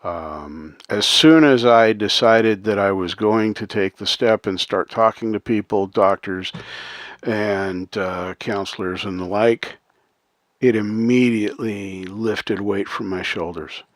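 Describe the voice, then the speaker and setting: Talking sincerely to his viewers on a laid-back stream, this host fills his speech with ums and uhs, laughs softly a lot and reads chat names aloud. He has a lowish voice and a slow pace, captured in a dry, clean studio recording.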